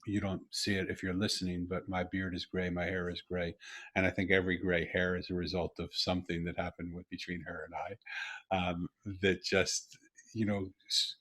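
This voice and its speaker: Middle-aged guy w a low husky voice, earnest and halting, gets loud and animated at points, podcast over video call. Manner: earnest, halting with restarts, rising to animated emphasis. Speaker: podcast host. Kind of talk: conversational storytelling.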